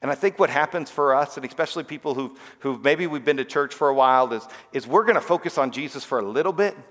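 A man's voice: medium pitch, fairly bright tone, big-room sound. A man giving a casual, conversational sermon to children, often checking in with "right?". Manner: conversational, frequent "all right?" and "right?" asides. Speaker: pastor.

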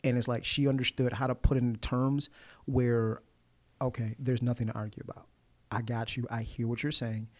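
A man in relaxed conversation, talking with animation, often restarting and acting out the lines of others. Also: medium pitch, brisk. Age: adult, formerly married nine years. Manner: animated, acts out quoted lines; talks over and restarts. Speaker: guest poet. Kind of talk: casual conversation.

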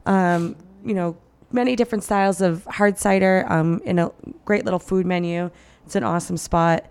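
A woman co-hosting a local radio show, chatting casually, full of ums and quick laughs. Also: fairly low pitch, steady tone, darkish tone, clean tone. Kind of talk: casual chat.

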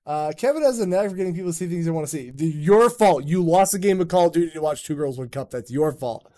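A man with a slightly high voice hosts a loose podcast chat. He rambles, jokes and swears freely as he talks. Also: expressive, fast talker, warm tone. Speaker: podcast host. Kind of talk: casual chat.

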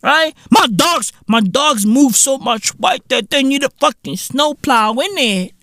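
Bright, swooping South African man ranting. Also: unhurried, no room sound, clean studio sound. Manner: animated, profane, mocking, big swings up into high exclaims. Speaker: podcast host. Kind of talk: comedic podcast rant.

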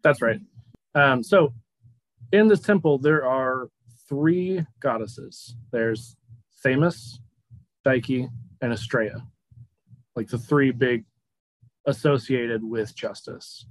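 A man's voice: medium pitch, slow, pauses often, dry recording, low-quality recording. A man narrating a tabletop game as game master in a casual way with dry jokes, heard over a voice call.

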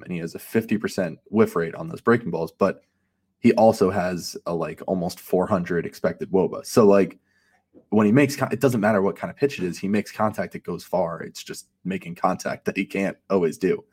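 A man with a very low voice co-hosts a relaxed sports chat. He works through the numbers calmly and leans on fillers like um and you know. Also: slightly rough. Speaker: podcast co-host and fantasy analyst.

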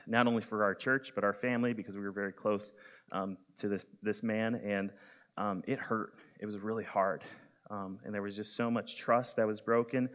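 A man in his twenties preaching a sermon in an earnest, plain way, often pausing with "um". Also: fairly low pitch. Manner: earnest, frequent "um" fillers.

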